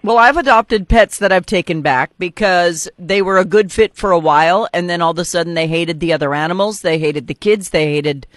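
A woman's voice: on the low side, brisk, hardly any pauses, dry recording. Chatty, blunt older woman radio host. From North Dakota. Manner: chatty, blunt, laughs easily. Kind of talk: casual radio interview.

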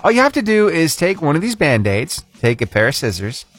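A man's voice: fairly high pitch, sing-song, a little fast, breathy edge. A man hosting a short radio feature segment, telling the story in a chatty, playful way with punchy emphasis. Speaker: radio host.

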